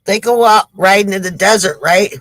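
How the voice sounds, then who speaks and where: Casting: breathless man telling jokes on a livestream, high voice, dry close sound, chatty with viewers. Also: normal speed, fairly bright tone, no room sound, rough recording. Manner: chatty, addresses viewers as folks. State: short of breath, on oxygen. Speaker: livestream joke teller. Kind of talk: casual livestream joke telling.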